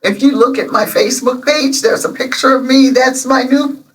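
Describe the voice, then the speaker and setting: A woman in her seventies, guest on an interview, telling stories warmly and emotionally with many pauses. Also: high-pitched, distant mic, rough recording. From Illinois, USA. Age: 70s. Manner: emotional, storytelling, many ums. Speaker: interview guest, local alderman. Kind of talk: casual interview chat.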